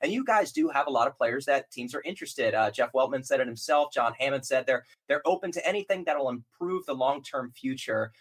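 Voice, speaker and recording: Fast-talking upbeat male podcast host. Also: medium pitch, lively intonation, breathy edge. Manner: upbeat, chatty. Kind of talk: casual sports podcast chat.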